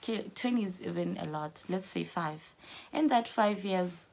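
A woman's voice: lowish voice, normal speed, creaky, a little mellow. A young South African woman chatting with a friend, teasing and doubtful, full of slang. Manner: teasing, slangy, doubtful, calls listener bruh and chomi. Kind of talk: casual chat.

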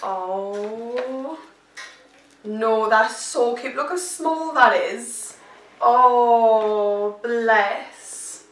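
A woman's voice: fairly high pitch, very slow, a little hiss or hum. Gushing woman vlogging at home. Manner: gushing, excitable, lots of fillers. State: pregnant. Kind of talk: casual chat. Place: at home, indoors. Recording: echoey room, mic at a distance.

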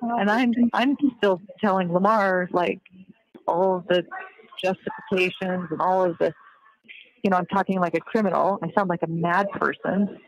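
A woman's voice: fairly low pitch, fairly even intonation, moderate pace, rough recording. A woman on a recorded call, talking earnestly and reflectively, often trailing off as she searches for words. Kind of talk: reflective conversation.

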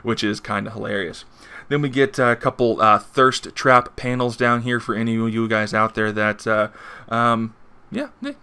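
A man reviews a comic book in an easygoing, rambling way. His voice sits fairly low but sounds bright and forward, and he fills the gaps with "uh" and "um" and the odd chuckle. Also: flat delivery, normal speed, clear, resonant tone. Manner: rambling, many fillers, chuckles. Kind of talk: casual video review.

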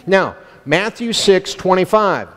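A man's voice: high voice, animated, slow. A man preaching a sermon as pastor, emphatic and calling out to his congregation. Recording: long hall reverb.

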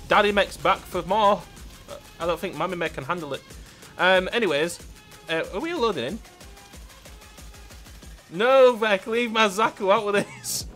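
Playful British streamer, higher voice. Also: male voice, measured pace, long pauses, a bit bright, soft background music. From United Kingdom. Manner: playful, laughs often, pleading bursts. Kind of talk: live game stream chat.

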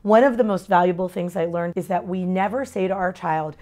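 Fast-talking earnest mother. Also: on the low side. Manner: earnest, expressive, shifting tone for emphasis. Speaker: parent giving a testimonial. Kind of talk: candid interview answers.

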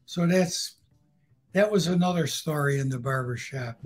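A man tells stories as a guest, his voice fairly high and husky. He tells crude, animated anecdotes and acts out each quoted person. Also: normal speed, soft background music, poor audio. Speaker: guest storyteller. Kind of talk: casual storytelling.

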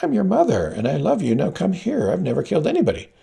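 An anxious young queen pleads and commands in a husky, gravelly voice, as a male reader puts her on. The pitch moves a lot. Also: wildly swooping pitch, fast talker, dark tone, exaggerated voice. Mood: pleading.

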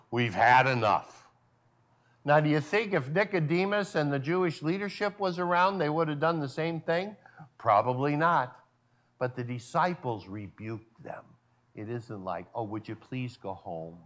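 A male pastor preaching a sermon at a church service, full of rhetorical questions and sudden drops to a hushed voice. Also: fairly high pitch.

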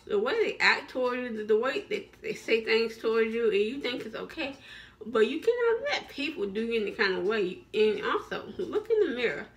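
A woman speaks to her viewers in a motivational vlog, encouraging and preachy, and she repeats herself and restarts her sentences often. Her voice sits on the high side. She sounds a little distant from the microphone. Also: big pitch swings, a little fast. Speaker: vlogger. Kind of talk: motivational talk to camera.

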